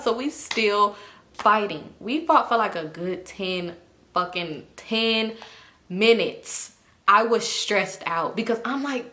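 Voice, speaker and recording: Animated young woman with a bright voice. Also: fairly high pitch, moderate pace. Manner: animated, profane, laughs while telling. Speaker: vlogger. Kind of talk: storytime chat to camera.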